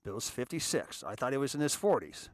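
A middle-aged man who hosts his own podcast tells a reflective personal story conversationally, acting out the quotes. His medium-pitched voice is very animated and brisk, with no room sound and studio quality.

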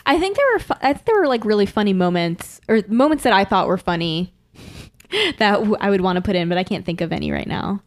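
A woman's voice: medium pitch, expressive, brisk. A woman co-hosting a podcast, chatting casually and leaning on filler words. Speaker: podcast co-host. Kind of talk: casual chat.

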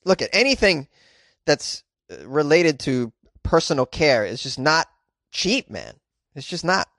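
A man reacts to news in a loose, wry, conversational way. His voice sits a little high and moves a great deal. The recording is dry and close. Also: very animated, unhurried, a bit bright, dry recording. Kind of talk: casual commentary.

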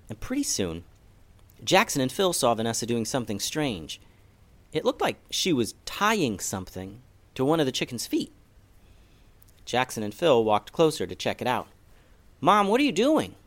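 Man reading a children's story. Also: medium pitch. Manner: gentle, expressive, storytelling. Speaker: storyteller, podcast host.

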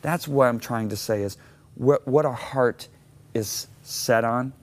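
This is a middle-aged man from Michigan, a guest telling a long personal story in an interview. He is animated and vivid, climbing high when he acts out his own shouting and dropping low and quiet for the serious turns. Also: a little slow. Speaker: guest author.

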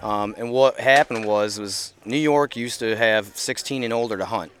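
A man's voice: on the low side, moderate pace, fairly bright tone, slight background noise. A middle-aged man chatting as a podcast guest outdoors, talking earnestly with plenty of fillers and restarts. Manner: earnest, rambling, many fillers. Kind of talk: casual interview chat. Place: outdoors at an event.

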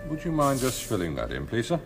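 An actor playing a polite security clerk in a radio drama, brisk and deferential. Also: male voice, mid-range voice, wildly swooping pitch, music in the background. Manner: brisk, deferential, adds "sir" to everything.

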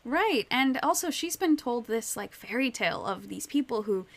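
In a relaxed book chat, a woman speaking at normal speed in a fairly high voice acts as an animated storyteller, retelling scenes full of "like"s and "you know"s.

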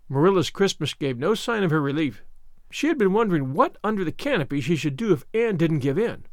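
A man reading a classic novel aloud as narrator, in an expressive storytelling manner. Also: fairly high pitch, fairly quick, no room sound, clean studio sound. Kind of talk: audiobook reading.

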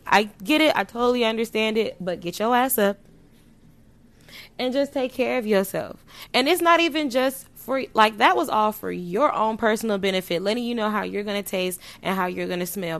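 A woman talking straight to her viewers as a vlogger, blunt and playful with plenty of slang and swearing. Her voice sits at an ordinary middle pitch. She swings from soft asides to loud, emphatic bursts. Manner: animated, sudden jumps in loudness. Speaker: vlogger giving sex advice. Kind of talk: casual chat to camera.

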